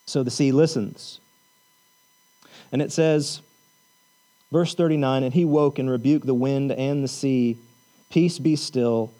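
A man's voice: medium pitch, steady tone, measured pace, long pauses, mellow. A man preaching a sermon as pastor, earnest and repetitive, reading scripture and building to emphatic points. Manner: earnest preaching with repeated phrases.

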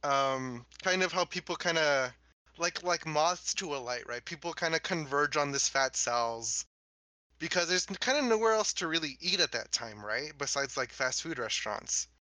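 A young man chatting casually as a podcast co-host, laid-back with lots of fillers and quick bursts of speech. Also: on the high side, lively intonation, sharp tone, no echo, rough recording. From Los Angeles area. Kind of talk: casual chat.

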